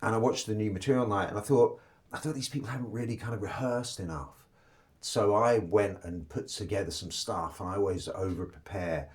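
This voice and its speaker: A stand-up comedian being interviewed tells long, relaxed, rambling anecdotes, acting out bits of dialogue. His fairly low voice moves a little fast, and loud guitar music plays behind him.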